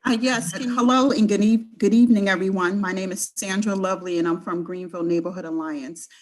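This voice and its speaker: A woman's voice: medium pitch, fairly even intonation, brisk, darkish tone, rough recording. A woman introducing her block association talk at a community meeting held over a video call.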